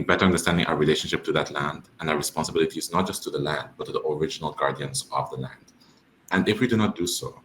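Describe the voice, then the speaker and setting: Deep-voiced French Albertan young man. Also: reverberant, slight background noise, low-quality recording. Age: young adult. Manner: animated, expressive, earnest. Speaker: panel moderator. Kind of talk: moderating a virtual panel.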